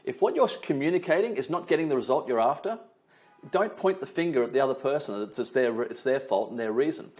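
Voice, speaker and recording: A man trainer gives a lively online webinar over a video call, speaking briskly at medium pitch with soft background music. He leans on emphasis and tag questions like "right?".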